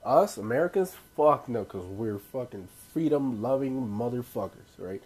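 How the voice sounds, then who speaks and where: Husky, animated man ranting casually. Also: medium pitch, moderate pace. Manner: loose, swearing, laughing, rambling asides. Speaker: vlogger. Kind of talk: casual profane rant to camera.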